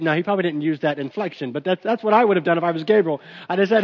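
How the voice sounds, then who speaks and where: A man's voice: high voice, fast, few pauses. A male pastor preaching a sermon in an emphatic, conversational way, recorded dull with long hall reverb.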